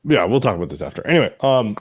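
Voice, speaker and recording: A man's voice: on the low side, very animated, racing, husky, dry recording. A man co-hosting a casual show recap, retelling scenes with mocking voices and casual swearing. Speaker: podcast co-host.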